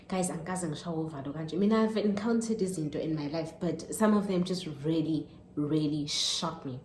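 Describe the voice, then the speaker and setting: A young woman in her twenties with a South African accent telling a storytime vlog, animated and switching between Zulu and English. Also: lowish voice. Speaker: YouTuber. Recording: echoey room, faint noise.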